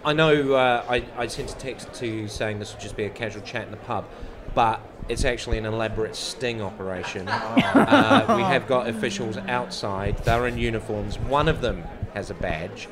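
A man hosting a casual comedic chat, jokey and quick to laugh. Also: lowish voice, crowd noise. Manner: jokey, animated, laughs often. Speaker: podcast host. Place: pub.

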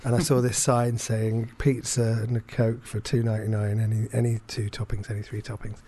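A man's voice: on the low side, level tone, fairly quick, warm tone, a little hiss or hum. A man, telling a rambling, self-deprecating story in casual chat, full of fillers and restarts. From England.

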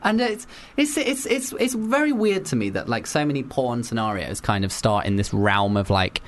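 A man hosts a casual comedy podcast, laughing easily and tripping over repeated words. His pitch swings widely and expressively from phrase to phrase. He talks at an ordinary middle pitch. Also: very animated, moderate pace. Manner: giggly, repeats words while thinking. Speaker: podcast host.

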